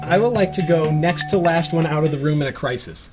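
A man's voice: fairly high pitch, fairly quick, over music. A man playing a tabletop game who asks careful rules questions. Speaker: player.

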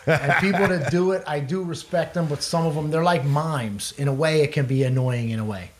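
A man's voice: fairly high pitch, brisk. Casting: young male musician, loose and profane, rambling storyteller in a casual chat. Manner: profane, rambling, laughs often. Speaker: guest musician.

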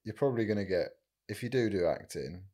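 A man's voice: on the low side, animated, quick pace, mellow. A man co-hosting a comedy podcast who teases his partner with dry ribbing. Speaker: podcast co-host and producer. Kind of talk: casual comedy chat.

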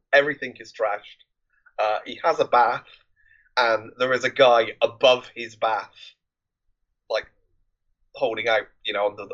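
Man, podcast host, casual plot recap, rambling, medium pitch, muffled lo-fi sound. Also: a bit bright. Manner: rambling, conversational storytelling.

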